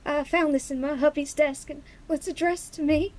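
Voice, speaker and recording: A woman doing a brassy high American bombshell. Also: fairly even intonation, normal speed, natural voice. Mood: sassy. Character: brassy young American widow-to-be. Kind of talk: comedy audio drama acting.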